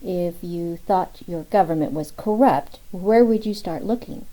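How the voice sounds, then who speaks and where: A woman's voice: lowish voice, a little slow, mellow, lightly acted, rough recording. Woman reading a weary male FBI agent. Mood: musing.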